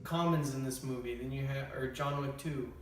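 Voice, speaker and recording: A man's voice: mid-range voice, moderate pace, soft background music. A young man chatting eagerly about movies in a casual roundtable review. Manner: enthusiastic, animated. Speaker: film reviewer. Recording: echoey room, distant mic, faint hiss.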